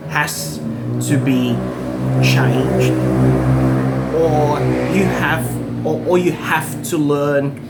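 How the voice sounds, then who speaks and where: A man's voice: on the high side, noisy background. A man in his thirties from the Philippines with a Filipino accent, earnestly encouraging English learners and repeating himself for emphasis. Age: 30s. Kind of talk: earnest direct-to-camera talk.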